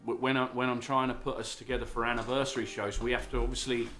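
Chatty English man with a bright voice. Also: mid-range voice, flat delivery, quick pace, faint music behind. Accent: London English, softened. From England. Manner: chatty, self-deprecating, stumbles and restarts. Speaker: band leader, guest musician. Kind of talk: casual radio studio chat.

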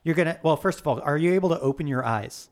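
A man guesting on a comedy radio show as a movie reviewer, talking in a slow, rambling, awkward way. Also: a little high, lively intonation.

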